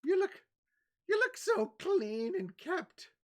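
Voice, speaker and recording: A game master voicing a flustered, confused old woman merchant in a tabletop game, shrill and fretful. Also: big pitch swings, slow, full character voice. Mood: doddering.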